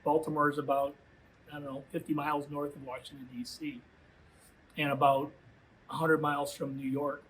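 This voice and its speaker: A man giving a youth minister's storytelling talk to high school students, conversational and full of filler phrases. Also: flat delivery, moderate pace, long pauses, a bit bright, slight background noise, rough recording.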